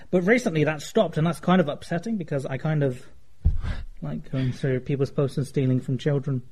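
Dry-joking man, higher voice. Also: fairly quick, dark tone, breathy edge. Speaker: podcast co-host. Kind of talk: casual comedic chat.

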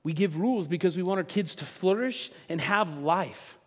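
A middle-aged man preaching a sermon in a conversational style, dropping to a hush and then building loud, with teasing asides to the congregation. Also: sits high, expressive, normal speed. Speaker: pastor. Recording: long hall reverb.

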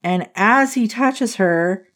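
A woman hosting a book podcast, recapping a plot in a casual, animated way and laughing often. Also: mid-range voice, slow pace.

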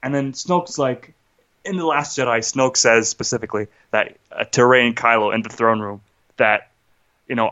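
A man's voice: medium pitch, normal speed, bright, forceful tone, muffled recording. A man co-hosting a podcast, ranting in an agitated casual way, often stopping to restart and asking "right?". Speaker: podcast co-host. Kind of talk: casual film rant.

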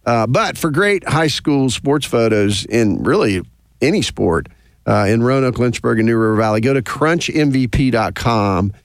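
A man's voice: medium pitch, animated, moderate pace, no room sound, studio quality. Easygoing man hosting sports radio. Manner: easygoing, rambling with many fillers. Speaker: radio show host. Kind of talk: casual sports radio chat. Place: radio studio.

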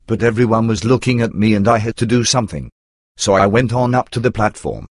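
Guy reading his life story out loud, lowish voice, steady and earnest, dry close sound. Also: a little fast, dry recording. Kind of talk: scripted first-person memoir narration.

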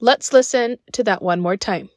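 A woman's voice: mid-range voice, moderate pace, dry recording, studio quality. A woman hosting a podcast, reading scripted narration in a friendly, enthusiastic way with chatty personal asides. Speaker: podcast host.

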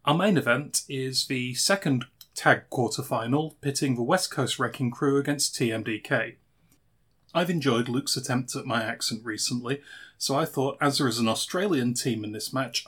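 A man's voice: mid-range voice, normal speed, fairly bright tone, breathy edge. A man reading a scripted wrestling review in a dry, opinionated way.

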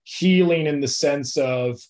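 A young adult actor chats casually as an interview guest, loose and laid-back with plenty of fillers and easy laughter. His voice is a little high, slow and darkish in tone.

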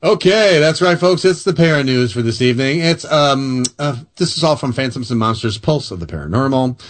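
A man's voice: medium pitch, expressive, brisk. A man hosting a paranormal talk show, chatting casually with lots of fillers and restarts. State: wound up on coffee. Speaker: radio show host. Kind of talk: casual chat and news reading.

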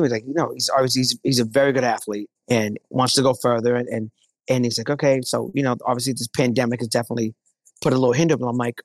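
A man's voice: mid-range voice, fast, dry recording. A middle-aged man talking earnestly in a casual interview, often acting out what others said to him. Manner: earnest, quotes others in animated voices. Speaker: guest. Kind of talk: casual conversation.

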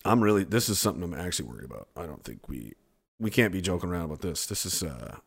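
A man's voice: sits low, big pitch swings, fast, vocal fry, husky. A man hosting a livestream, ranting sarcastically with lots of swearing and mocking jokes. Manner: sarcastic, swears freely, riffs into silly voices. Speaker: livestream host. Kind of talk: profane comedic rant.

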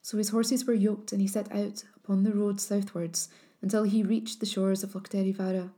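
A woman storyteller reads an old legend in a measured, solemn cadence. Her voice is mellow and warm, never bright or sharp. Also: medium pitch, level tone. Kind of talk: scripted narration of a legend.

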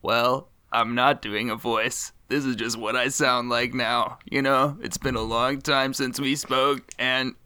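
Deadpan man, crisp and dry. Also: medium pitch, a little slow, few pauses, no room sound. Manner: deadpan, mock-serious. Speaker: podcast co-host. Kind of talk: casual podcast chat. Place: small wooden room at home.

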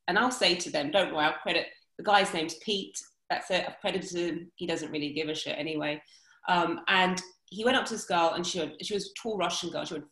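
An animated woman talks in a casual podcast conversation, a dating coach explaining her approach. She jumps in with quick asides and restarts her sentences often. The room around her sounds roomy and echoey. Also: lowish voice.

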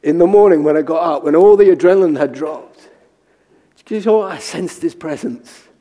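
A male pastor preaching a sermon, telling personal stories and acting out what people said, with his own part in a high squeaky voice. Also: a little fast, dark tone. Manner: storytelling, acting out quotes with high squeaky voice for himself. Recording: long hall reverb.

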